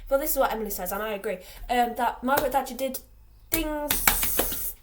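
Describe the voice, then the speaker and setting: Teen girl vlogger from England, highish voice, scattered casual rambling. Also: moderate pace, noisy background. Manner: chatty, scattered, lots of fillers and restarts. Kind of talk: rambling casual vlog chat.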